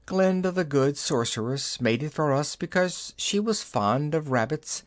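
A man's voice: on the high side, animated, measured pace. A man reading an audiobook, voicing a self-pitying male rabbit king who talks in a mournful, complaining way.

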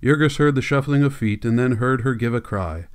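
A man reading a classic novel aloud as an audiobook narrator, in measured, steady storytelling. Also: mid-range voice, clean tone. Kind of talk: scripted narration.

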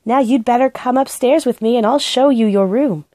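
A woman's voice: on the high side, normal speed, no echo, pitched above the performer's own voice, close to an everyday voice. A woman voicing a chirpy, eager young girl. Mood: excited. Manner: bright, chirpy and excited.

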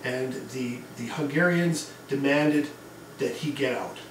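In a relaxed history class, a man lectures in a conversational way, full of fillers and side remarks. His medium-pitched voice is unhurried, with slight background noise. The distant microphone picks up an echoey room.

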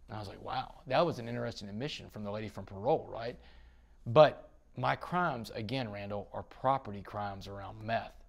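Middle-aged man, gravelly, animated interview storyteller. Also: fairly low pitch, brisk. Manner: animated storyteller, quotes others, swings loud and soft. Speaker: podcast guest.

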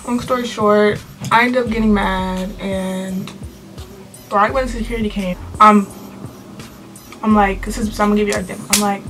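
A teenage girl telling a storytime vlog to her camera in an animated, sassy way, full of slang. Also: mid-range voice, moderate pace, pauses often, music in the background. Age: teens. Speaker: vlogger.

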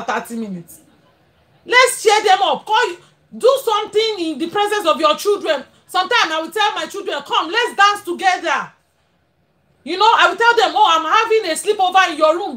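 Nigerian woman, live stream host, high voice, blessing viewers. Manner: warm blessings, frequent laughter. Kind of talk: casual live stream chat.

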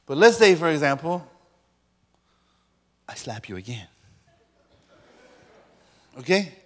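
A man's voice: medium pitch, expressive, a little slow, pauses often, big-room sound, a little hiss or hum. A man preaching a sermon as a pastor, joking playfully with his audience. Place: large lecture hall.

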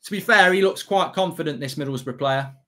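A man giving excitable, sweary live reaction commentary as a streamer, half talking to himself. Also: on the high side, fairly quick.

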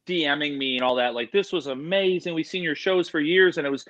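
A man who works as an animal educator, telling stories in a casual interview in an excitable, animated way and mimicking the people he talks about. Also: on the high side, brisk, muffled recording.

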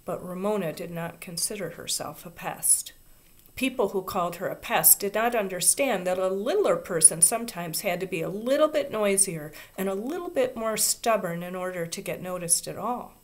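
A woman reading a children's chapter book aloud in a soft, expressive, unhurried voice. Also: medium pitch. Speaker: reader. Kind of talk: storybook read-aloud.

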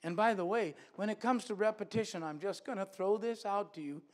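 A man's voice: high voice, fairly quick. A man preaching a sermon in a church, earnest and repeating phrases for emphasis.

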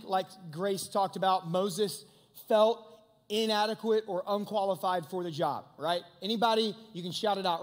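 A young man giving a youth sermon, talking conversationally and in an animated way, and speaking straight to the crowd. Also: sits high. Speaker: youth pastor. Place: large hangar used as a church hall. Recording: long hall reverb.

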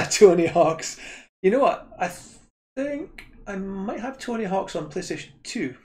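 A man's voice: a little high, creaky. Chatty Scottish man streaming retro games. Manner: rambling, self-correcting, chatty with viewers. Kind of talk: casual retro game stream chat.

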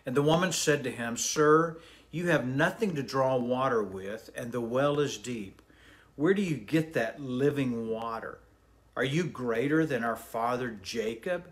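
A pastor with a Southern American accent reads a Bible passage aloud, then explains it in a relaxed, conversational way with fillers and asides. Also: male voice, mid-range voice. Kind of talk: devotional Bible reading and commentary.

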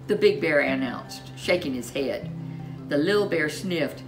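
A woman reading a children's storybook aloud as narrator, in an expressive, unhurried way. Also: deep voice, music in the background.

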